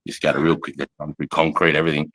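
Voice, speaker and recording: This forties-aged Australian man, an army veteran, spins war stories loosely and rambles, swearing heavily and laughing a lot. He speaks quickly and with animation in a very deep yet fairly bright voice.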